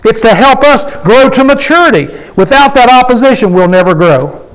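A man's voice: very high voice, lively intonation, normal speed, poor audio. A man preaching a conversational sermon to a small gathering, folksy and emphatic, often asking the congregation questions. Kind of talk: conversational sermon with call and response.

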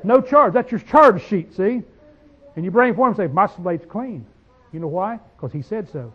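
A man with a high voice delivers a homespun sermon. He reads scripture in slow, drawn-out phrases, then breaks into quick conversational asides and rising declarations. The recording sounds dull and lo-fi. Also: expressive. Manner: folksy, call-and-response asides, swings from quiet to loud. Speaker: preacher.

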